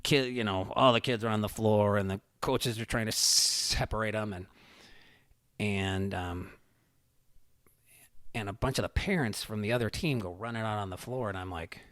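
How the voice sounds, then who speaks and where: A man's voice: fairly low pitch, normal speed, a bit bright, dry recording, clean studio sound. A man telling a long story in casual chat, rambling and profane, with many "you know"s.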